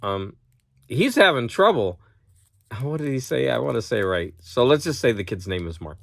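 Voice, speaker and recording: A man's voice: mid-range voice, big pitch swings, moderate pace, creaky, no room sound. Rambling man chatting to camera at home. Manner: rambling, laughs often, talks to his dog. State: has a cold. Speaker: vlogger and teacher. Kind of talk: casual chat to camera. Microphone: camera close-up.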